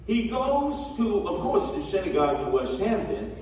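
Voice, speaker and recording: A man's voice: sits high, sing-song, normal speed, darkish tone, a little hiss or hum. A man giving a blunt, emphatic campaign speech to a community gathering, scolding the crowd. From New York. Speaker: mayoral candidate. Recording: echoey hall from far off.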